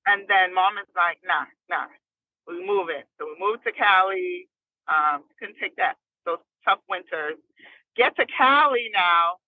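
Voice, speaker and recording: Over a tinny phone line, a recording artist from New Jersey chats through her life story in a casual podcast interview, laughing a lot. Her voice is mid-range and unhurried, with no room sound.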